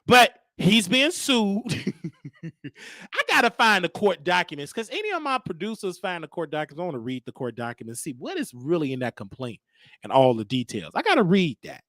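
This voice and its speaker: Male gossip show host, theatrical and teasing, bright edgy tone, lots of falsetto swoops. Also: huge pitch swings, normal speed, long pauses, dry recording, clean studio sound. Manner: campy, theatrical, swings into high falsetto. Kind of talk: celebrity gossip commentary.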